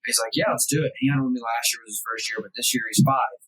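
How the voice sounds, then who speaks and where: A man in his thirties hosts a podcast with a slightly husky voice at a middle pitch. He talks in an animated, chatty way and calls his guest "dude" and "bro". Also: fast, low-quality recording. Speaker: podcast host. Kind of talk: casual chat.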